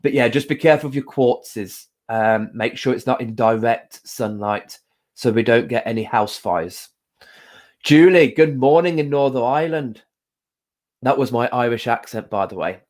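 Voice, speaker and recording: A man hosting a casual live stream, talking gently with many pauses and fillers and greeting viewers by name. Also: medium pitch. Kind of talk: casual live-stream chat with card reading.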